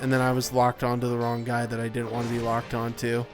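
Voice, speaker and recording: A man's voice: medium pitch, completely flat delivery, fast talker, soft background music. Tired rambling young man commenting on gameplay. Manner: rambling, filler-heavy, yawning and tired. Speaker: let's play commentator.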